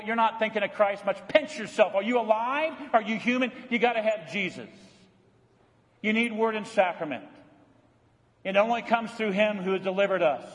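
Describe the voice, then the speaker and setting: Folksy male pastor in an echoing hall. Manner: storytelling, folksy, dropping low for earnest points. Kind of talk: sermon. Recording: long hall reverb.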